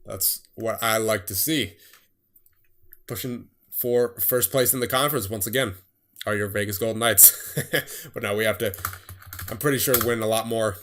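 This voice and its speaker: A young man giving casual commentary on a sports management game, reading scores in quick bursts and laughing at himself. His voice is getting tired. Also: fairly low pitch, steady tone, a bit bright. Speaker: gaming streamer.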